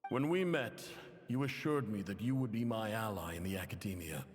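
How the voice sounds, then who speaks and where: A man's voice: lowish voice, fairly quick, big-room sound, close to an everyday voice. An actor playing a proud desert tribe chief and worried father who earnestly pleads for help, in game audio.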